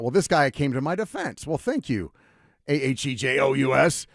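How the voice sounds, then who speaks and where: A man's voice: mid-range voice, normal speed, creaky, no room sound, studio quality. A middle-aged man hosting a sports radio show, talking casually and telling rambling stories with lots of energy. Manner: animated, rambling storyteller. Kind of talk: casual radio talk and storytelling. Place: radio studio.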